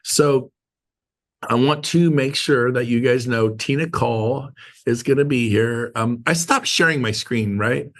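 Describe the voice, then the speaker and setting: A man's voice: mid-range voice, unhurried. Rambling, joking middle-aged man. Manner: rambling, joking, animated storytelling. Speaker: speaker leading a team meeting. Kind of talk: casual meeting talk on a video call.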